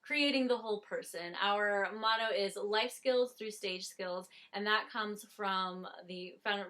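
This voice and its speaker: A woman with a Southern US accent co-hosts a casual theater webcast, chatty and upbeat. Her voice is bright and clear, sitting in a middle pitch range. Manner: chatty, upbeat, with thank-yous and laughs. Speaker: theater company co-host.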